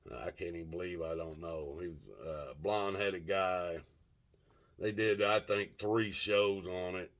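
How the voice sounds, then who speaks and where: A man's voice: low voice, steady tone, a little slow, a bit bright. An older man telling a rambling, profane story in a casual vlog, often stopping to search for words. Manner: rambling, profane, gropes for words with many fillers. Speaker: vlogger.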